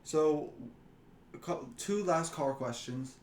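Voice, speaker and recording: A man's voice: a little high, slow, darkish tone. A young man interviewing his father in an easygoing, casual way, with lots of short yeahs between questions. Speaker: son and interviewer. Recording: echoey room with faint noise.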